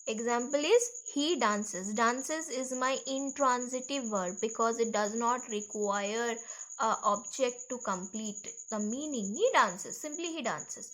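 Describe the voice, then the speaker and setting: A woman teaching an English grammar lesson with an Indian English accent, repeating key phrases slowly for her students. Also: fairly high pitch, a bit bright.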